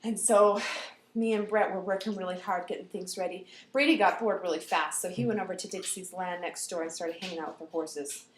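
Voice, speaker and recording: A woman telling a personal story aloud in an animated way, dropping to whispers and rising to loud outbursts. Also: lowish voice, a little fast, roomy sound, slight background noise.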